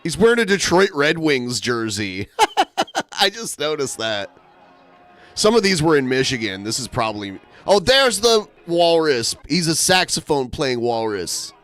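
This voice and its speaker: Man, podcast host, rambling, conversational, slightly higher voice. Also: big pitch swings, measured pace, a bit bright, faint music behind. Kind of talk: casual podcast chat.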